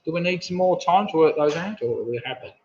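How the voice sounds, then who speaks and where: A man's voice: fairly high pitch, animated, fast talker, darkish tone, a little hiss or hum. A man hosting a live pub quiz, reading questions with chatty, jokey asides. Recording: dull lo-fi stream audio.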